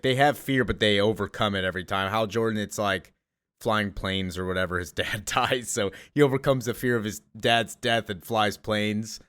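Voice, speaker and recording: A man's voice: fairly low pitch, a bit bright, clear, resonant tone, no echo. A man hosting a casual comic book recap in a chatty way, with lots of fillers. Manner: chatty, full of fillers and laughs.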